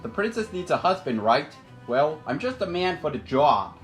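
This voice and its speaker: A man voicing a domineering teenage boy who leads a mob and shouts orders. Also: fairly high pitch, sing-song, normal speed, soft background music, pitched above the performer's own voice. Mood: bossy.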